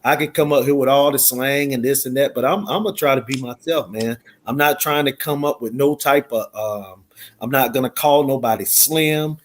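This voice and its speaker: A man's voice: mid-range voice, moderate pace. A middle-aged man talking earnestly in a casual discussion, often adding "man" and "you know". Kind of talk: casual talk show discussion.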